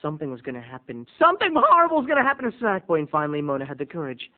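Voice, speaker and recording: A man hosting a video blog, telling a comic story with theatrical swings between booming and hushed. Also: wildly swooping pitch, racing. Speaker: vlog host. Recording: tinny phone-like audio.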